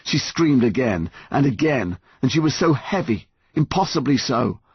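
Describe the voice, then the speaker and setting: A man's voice: mid-range voice, sing-song, normal speed, husky, no echo, highs cut off. A man narrating an audiobook in a dramatic, tense reading. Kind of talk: scripted narration.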